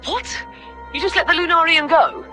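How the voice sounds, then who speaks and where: A woman's voice: very high voice, normal speed, bright, forceful tone, faint music behind. A woman playing a harsh, short-tempered female commander who barks orders in a game cutscene. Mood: commanding.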